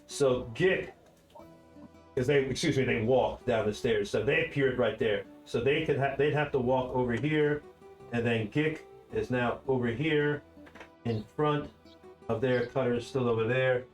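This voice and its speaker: Male game master narrating a tabletop session, relaxed and rambling, mid-pitched. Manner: casual, rambling with fillers. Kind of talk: describing scenes in a tabletop game. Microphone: video call.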